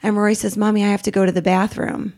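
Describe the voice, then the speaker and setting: A woman in her thirties, a podcast guest, telling a raw personal story in a lively way, jumping up in pitch when she quotes people. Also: fast. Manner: animated, acts out quotes with pitch jumps.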